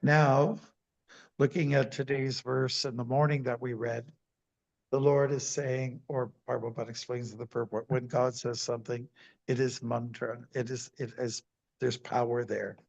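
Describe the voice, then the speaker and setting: A man, a monk, giving a scripture class as a sermon in a deliberate way, repeating words for emphasis. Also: mid-range voice, little pitch movement, gravelly, low-quality recording. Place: temple.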